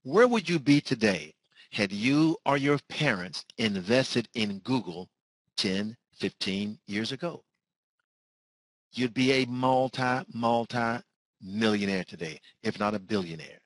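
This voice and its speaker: A man presenting a sales webinar, talking fast and driving home the same point again and again. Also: animated, dry recording, poor audio. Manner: fast-talking, repetitive pitch.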